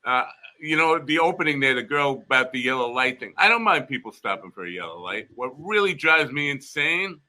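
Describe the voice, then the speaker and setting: A man's voice: mid-range voice, animated, a little fast, hardly any pauses, bright, forceful tone. A man who is a guest on a podcast, telling easygoing stories in casual conversation.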